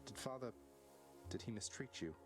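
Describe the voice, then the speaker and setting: An actor playing an earnest young prince of the underworld in a video game, asking searching questions. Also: male voice, medium pitch, moderate pace, music in the background, lightly acted.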